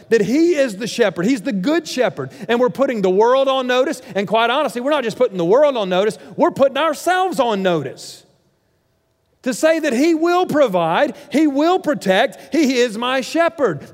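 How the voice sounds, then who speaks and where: A man preaching a sermon as pastor, emphatic and swinging from loud declarations to hushed lines. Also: high voice. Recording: hall reverb.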